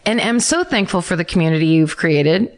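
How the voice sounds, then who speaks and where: A woman with a slightly low voice co-hosts a podcast in loose, casual conversation. She rambles and restarts her sentences, and she reads listener emails aloud in the same easy, chatty way. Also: very animated, fairly quick. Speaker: podcast co-host.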